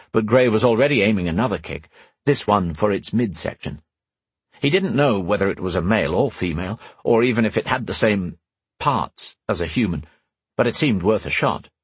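A man narrating a fantasy audiobook in a steady, measured storytelling manner. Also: on the low side, slightly rough, no room sound.

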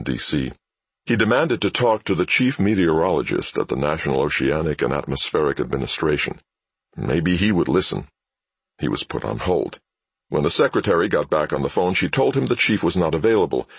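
Deep, husky male audiobook narrator. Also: sing-song, a little fast, no room sound. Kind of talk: scripted dramatic narration.

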